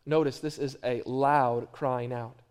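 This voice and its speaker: A middle-aged male pastor preaching a sermon, swinging from hushed, low phrases to loud, emphatic repeated lines. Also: fairly even intonation, a little slow, smooth.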